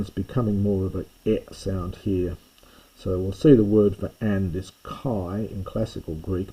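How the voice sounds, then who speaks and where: A man teaching Greek pronunciation in a recorded lesson. His voice is very dark and a little husky. He explains loosely, stops to correct himself and restarts his sentences. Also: on the low side, low-quality recording.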